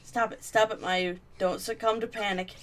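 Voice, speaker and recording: A woman's voice: mid-range voice, steady tone, moderate pace, slight background noise, lightly acted. A woman voicing a frightened teenage schoolgirl who finds herself lost and alone, reading the game's lines aloud. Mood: self-steadying. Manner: reads game dialogue aloud, shifting into panic.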